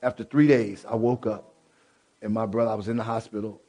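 A middle-aged man from Illinois telling his personal testimony to an audience, animated, swinging from loud bursts to low, quiet asides, with many restarts. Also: a little fast. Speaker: speaker giving a personal testimony. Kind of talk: spoken testimony to a live audience.

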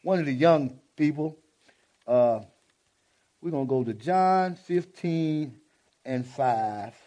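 A man's voice: fairly high pitch, animated, takes it slowly, dark tone. A man preaching a sermon in a folksy, exclaiming way. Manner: folksy, exclaiming, prone to laughter.

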